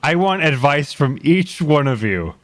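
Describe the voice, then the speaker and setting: A man's voice: a little high, sing-song, measured pace. A man playing a tabletop game in character, hesitant and earnest, often laughing. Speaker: player.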